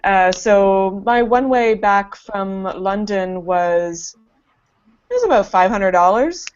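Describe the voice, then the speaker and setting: A woman's voice: mid-range voice, animated, slow. A woman on a casual online panel, chatting with dry, wry remarks. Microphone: video call. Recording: dull lo-fi web call with faint hiss.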